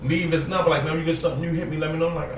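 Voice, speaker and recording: A man's voice: a little high, steady tone, racing. A man telling laid-back, profane stories as a podcast guest, acting out what people said. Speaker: guest, store owner. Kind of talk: casual storytelling. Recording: roomy echo, mic at a distance, faint noise.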